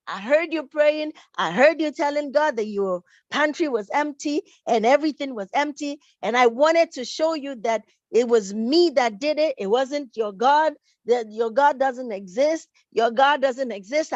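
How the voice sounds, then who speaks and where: Lady doing a bragging atheist neighbor guy, pushy, keeps repeating himself, bit high. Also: no room sound. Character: boastful atheist male neighbor, insistent. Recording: dull, dry recording.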